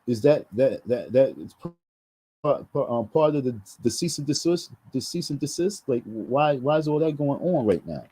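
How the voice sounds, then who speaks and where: Dark, husky man venting on a vlog. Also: medium pitch, big pitch swings, normal speed, low-quality recording. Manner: heated, repetitive ranting with many restarts and slang. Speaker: vlogger.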